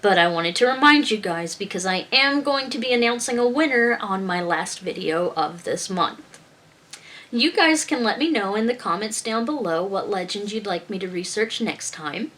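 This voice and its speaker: A woman vlogger talks straight to her viewers in a relaxed, chatty way. She is playful and laughs easily, and her voice sits at an ordinary middle pitch. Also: normal speed. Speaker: YouTube host and writer. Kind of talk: casual vlog sign-off and bloopers.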